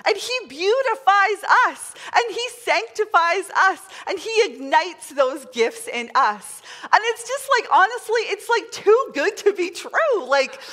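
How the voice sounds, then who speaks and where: Middle-aged woman preacher, high voice that swoops all over, chatty and excitable; big church hall. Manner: chatty, excitable, leads the crowd in call-and-response. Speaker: pastor. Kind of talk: sermon. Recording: long hall reverb.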